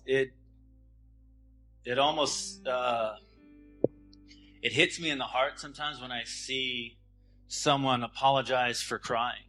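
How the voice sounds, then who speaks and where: A man in his thirties giving a spiritual talk in a gentle, halting way, often restarting his sentences. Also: medium pitch, low-quality recording. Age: 30s. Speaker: spiritual speaker.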